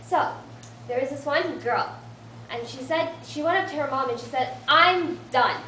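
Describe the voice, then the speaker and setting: A young woman in her late teens, invited as a student speaker, gives an earnest motivational talk in a support group's meeting room, her voice sitting high at a moderate pace. She tells her story with a light, self-directed humor, picked up by a distant mic with faint room noise in a roomy space.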